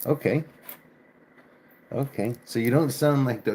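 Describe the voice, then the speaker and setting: A livestream host chats in a laid-back way with his viewers, calling them "y'all" and swearing mildly now and then. His mid-range voice is a little mellow and slightly rough, and he speaks at a measured pace with frequent pauses.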